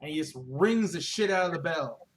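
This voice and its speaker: A man narrating as game master over a video call, easygoing and relaxed. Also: on the high side, moderate pace.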